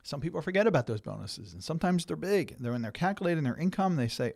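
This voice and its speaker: A man's voice: medium pitch, very animated, fast talker, gravelly, hardly any pauses, a little mellow, no room sound. Middle-aged guy explaining finances casually, lots of ums and restarts, dry close sound. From United States. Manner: conversational, many restarts and fillers. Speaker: financial planner hosting a show. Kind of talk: explanatory talk to viewers.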